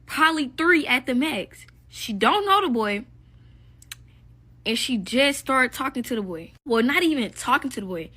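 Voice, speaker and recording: A young woman with a bright, fairly high voice tells a casual story-time. She is blunt, gossipy and profane as she talks. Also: expressive, moderate pace, breathy edge.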